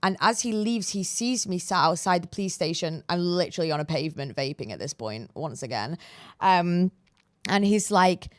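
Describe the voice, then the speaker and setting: A woman's voice: fairly low pitch, normal speed, no room sound, clean studio sound. Rambling British woman telling a story. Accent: British English. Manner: rambling, filler-heavy, animated retelling. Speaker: podcast guest. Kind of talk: casual storytelling.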